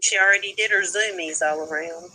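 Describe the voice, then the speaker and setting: A woman's voice: fairly low pitch, a little fast, pushed and bright, low-quality recording. A woman casually chatting on a live stream, easygoing, with short agreeing remarks. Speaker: friend chiming in on a live stream. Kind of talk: casual chat.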